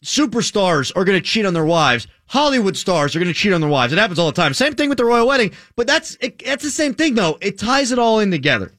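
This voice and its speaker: An American man hosting a show, chatting in an animated, opinionated way. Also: sits high, quick pace, few pauses, no echo, studio quality. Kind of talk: casual talk-show chat.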